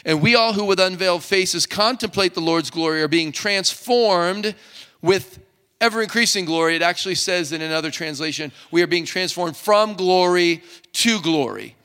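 A male pastor preaching a sermon to his congregation in a relaxed, joking, conversational way. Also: high voice, normal speed, smooth. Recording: long hall reverb.

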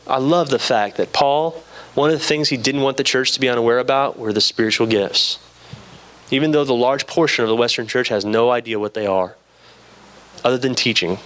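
Young male preacher, relaxed storyteller, mid-pitched voice, acts out the dialogue. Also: brisk. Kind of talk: sermon with personal story.

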